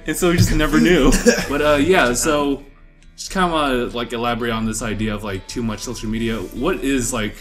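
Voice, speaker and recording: A young man hosting a podcast in casual group chat, steering the topic and retelling stories in a relaxed way. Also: medium pitch, a little fast, soft background music. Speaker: podcast host.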